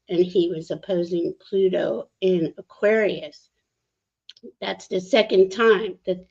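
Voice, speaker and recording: A woman talks through planetary movements in a loose, rambling way, often restarting and correcting herself. The audio is slightly dull and lo-fi. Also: mid-range voice. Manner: rambling, self-correcting, frequent "you know". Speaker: astrologer guest. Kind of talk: casual astrology chat.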